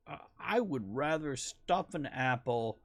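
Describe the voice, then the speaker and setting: A man's voice: a little high, animated, a little slow, dry recording. Podcast host guy, swears a lot, cracks up reading, dry close mic. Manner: profane, laughs while reading. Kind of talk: casual chat.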